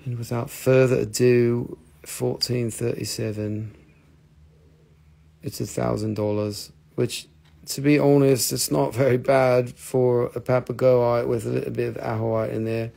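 A man with a gravelly, creaky voice at a middle pitch runs a live rock sale. He rambles, teases himself and cracks jokes between prices. His talk is casual and loose. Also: little pitch movement, a little slow, dark tone. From North Carolina. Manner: joking, rambling, self-mocking. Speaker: livestream rock and mineral seller.

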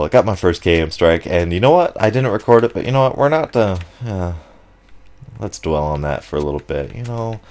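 A young man hosting his gaming channel, rambling through an excitable story in casual commentary. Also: low-pitched. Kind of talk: casual commentary over gameplay.

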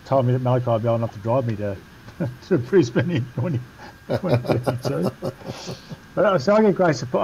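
A man's voice: mid-range voice, creaky. An Australian man, a Paralympic cyclist, telling a family story in a casual interview, laughing as he goes, over a muffled line with background noise. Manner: animated, laughs through his story.

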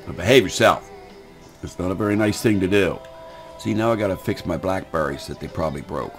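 Older man, low-pitched, folksy rambling game commentary, faint music behind. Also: normal speed, long pauses. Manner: folksy, rambling, repeats words. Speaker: gaming channel host.

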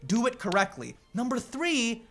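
A man hosting a comedy segment, ranting to camera in an animated, profane, indignant way. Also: very high-pitched, moderate pace, faint music behind. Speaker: comedy show host.

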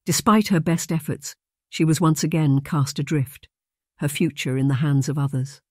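Reading a period romance as scripted narration, the audiobook narrator keeps an even, measured delivery. The pitch is middling, and the recording is close and dry.

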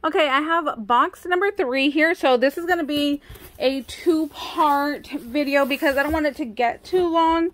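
A woman's voice: sits high, a little slow, a bit bright, dry recording. A young woman chatting casually as she unboxes craft supplies, cooing over each item. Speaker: craft vlogger.

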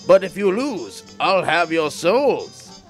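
A man's voice: high-pitched, sing-song, soft background music, pitched above the performer's own voice, heavily acted. A man reading a storybook intro aloud, voicing a sleazy devil casino boss in a hammy 1930s gangster style. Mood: booming. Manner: loud, hammy, drawn-out threats.

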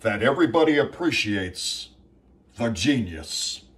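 A man putting on the voice of a boastful male wrestler who calls himself a genius, speaking slowly and proudly. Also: mid-range voice, big pitch swings, a bit bright, pitched above the performer's own voice. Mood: smug. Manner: slow, proud, declaiming.

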